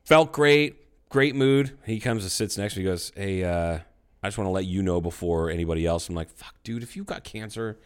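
A middle-aged man talks in a relaxed, chatty way. His voice sits on the low side, and he tells his stories bluntly with plenty of swearing. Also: brisk, smooth. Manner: blunt storytelling, heavy swearing. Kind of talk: casual chat.

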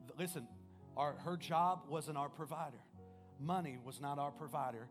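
A man preaching a sermon as pastor, telling a personal story in an earnest manner, swinging between loud and hushed. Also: on the high side, moderate pace. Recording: music playing behind the voice.

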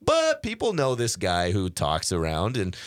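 A man hosting a radio show who talks in an animated, boastful way. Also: on the low side, a little slow, no echo. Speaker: radio host. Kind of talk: casual radio chat.

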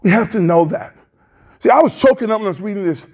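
Hollering high-voiced preacher man. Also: animated, quick pace, darkish tone, husky. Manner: impassioned, hollering preacher with colloquial Southern speech. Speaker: pastor. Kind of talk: sermon. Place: church.

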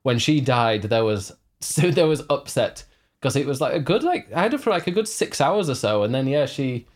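A man's voice: mid-range voice, very animated, normal speed. Chatty man, rambling gamer talk. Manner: chatty, rambling, reads viewer comments. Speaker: streamer and podcast co-host. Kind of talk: casual gaming chat.

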